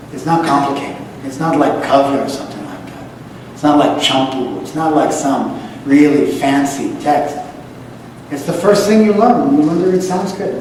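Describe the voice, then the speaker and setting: A high-voiced man from the United States lectures on scripture with emphatic repetition, now and then chanting Sanskrit lines. He sounds distant from the mic, and his voice rings through a large hall with a long, echoey reverb. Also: darkish tone, a little hiss or hum. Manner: emphatic, repeats key phrases, chants Sanskrit verses. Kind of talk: religious lecture.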